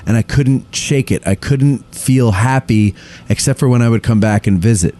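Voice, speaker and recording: A man hosting a casual podcast interview, easygoing and quick to agree. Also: medium pitch, warm tone. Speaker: podcast host.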